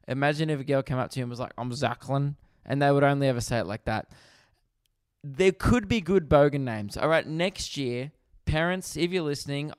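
An Australian man with a smooth, resonant, mid-range voice riffs through a comedic podcast monologue. He rants in an animated, exasperated way and swears freely. The recording is close and dry, with no room sound at all.

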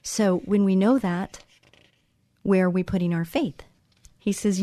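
A woman's voice: medium pitch, steady tone, a little slow, mellow. A woman hosting a Christian talk show, speaking in an encouraging, conversational way and repeating phrases for emphasis. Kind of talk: devotional talk show monologue.

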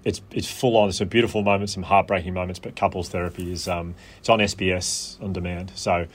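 An Australian man chatting as a podcast guest, telling stories animatedly with quick asides. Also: low voice, level tone. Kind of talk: casual chat.

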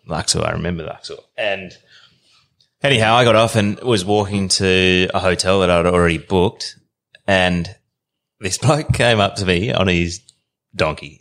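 A man, a podcast guest telling a long travel story in a relaxed, rambling way. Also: deep voice.

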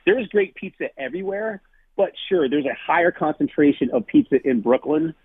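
A man's voice: on the high side, animated, fairly quick, slightly rough, no room sound. A man from New Jersey, a food-challenge TV host, chatting as a guest on a call, chatty and self-deprecating, laughing often. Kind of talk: casual interview chat. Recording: tinny phone-line call.

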